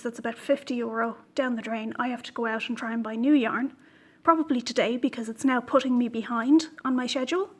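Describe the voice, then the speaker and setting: A woman hosting a knitting podcast, talking in an indignant, emphatic way with frequent "um"s. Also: a little high. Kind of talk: casual vlog monologue.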